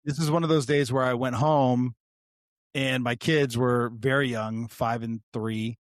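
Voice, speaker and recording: A man's voice: mid-range voice, a little slow, no room sound, clean studio sound. A man, a retired deputy co-hosting a podcast, telling a story in casual chat. He swears freely, talks animatedly and often restarts his sentences. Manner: profane, animated, frequent restarts.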